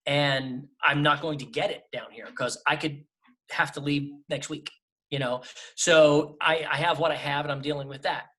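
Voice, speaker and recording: A middle-aged man, a voice actor, giving emphatic, lively advice in a casual interview over a travel microphone. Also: fairly high pitch, moderate pace. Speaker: voice actor guest. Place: temporary remote setup away from home.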